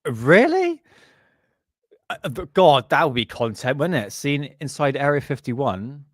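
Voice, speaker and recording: A man's voice: medium pitch, moderate pace, no echo, studio quality. A man hosting a live stream, talking casually with sarcastic, jokey asides. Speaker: livestream host.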